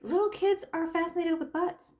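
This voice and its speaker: A woman talking casually to camera, telling a story in an animated way and often stopping to laugh and add asides. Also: very high-pitched, moderate pace. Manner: animated storytelling, acting out quoted people. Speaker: tarot reader and spiritual coach. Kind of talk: casual opinion monologue.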